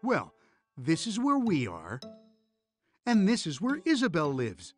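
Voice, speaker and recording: Reassuring cartoon dad. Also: male voice, on the high side, wildly swooping pitch, measured pace, soft background music. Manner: warm, reassuring explanations. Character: kind, patient cartoon father.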